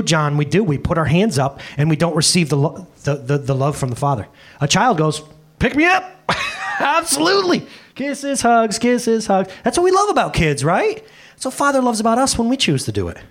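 With a voice pitched a little high, a pastor in his thirties preaches animatedly into a handheld microphone. He alternates loud bursts with quiet asides and dramatizes the voices he quotes.

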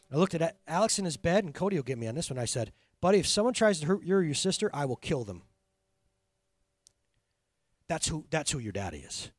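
A man preaching a sermon as pastor, telling stories with animated energy that swings from quiet intensity to loud bursts. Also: on the high side, no room sound.

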